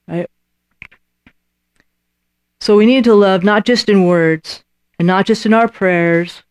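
A woman preacher delivering a sermon with a lively, storytelling manner, slipping into short acted voices for the people in her examples. Her voice sits at an ordinary pitch for a woman. The sound is close and dry, with no room echo. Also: takes it slowly, pauses often, clear, resonant tone. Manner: animated, acts out little voices and dialogues; conversational preaching with repeated "Right?" asides.

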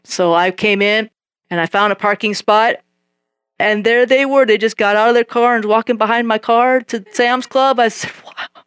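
A woman's voice: a little high, normal speed, clear, resonant tone, no echo, clean studio sound. A woman sharing her Christian testimony in a casual way. She tells the story vividly, acts out the conversations, and laughs often. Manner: lively storytelling, acts out both sides of conversations; laughs often while telling.

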